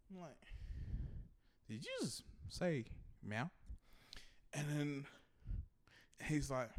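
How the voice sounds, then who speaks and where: A man's voice: medium pitch, slow pace, long pauses. A man co-hosting a podcast, telling a story in a casual way with lots of profanity and slang, acting out the other people's voices. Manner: animated, profane, slangy, acts out quoted voices. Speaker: podcast co-host.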